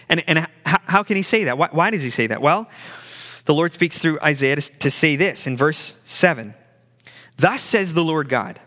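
A man delivering a sermon in a high, bright voice. He talks in an animated way, stumbling over and repeating words as he presses his points and acts out the lines he quotes. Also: in a large hall. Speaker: pastor.

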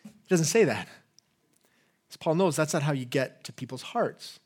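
This is a man with an English accent preaching from the pulpit in a higher-pitched voice. His sermon is conversational rather than formal. He leans on rhetorical questions and quick "right?" check-ins with the congregation. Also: expressive, darkish tone. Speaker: pastor.

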